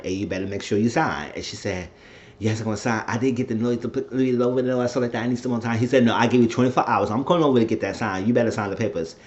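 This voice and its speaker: Animated man recapping a TV episode. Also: dull audio. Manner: animated retelling, acting out characters' lines with big jumps in pitch. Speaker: TV recap host.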